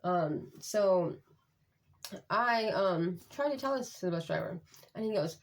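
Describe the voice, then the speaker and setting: A woman's voice: medium pitch, animated, unhurried. Woman, parent vlogger, casual talk to camera, frank, rambling, many fillers.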